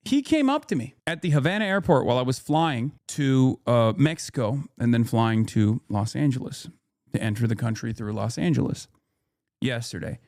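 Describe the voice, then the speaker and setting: A man's voice: mid-range voice, lively intonation, moderate pace, a little mellow, dry recording, clean studio sound. A man in his thirties streaming a profane, angry rant, retelling a run-in and quoting people in raised voices. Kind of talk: profane ranting commentary.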